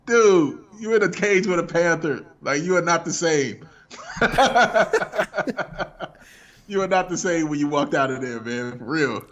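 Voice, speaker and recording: A man's voice: fairly high pitch, lively intonation, takes it slowly, fairly bright tone. Laughing, slangy podcast guest, a man. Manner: laughs a lot, slangy, hypes the other speaker up. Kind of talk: casual chat.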